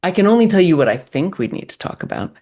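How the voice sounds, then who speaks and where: A middle-aged woman, a running coach, answering interview questions in a measured, thoughtful way. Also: lowish voice, sing-song, gravelly, dark tone.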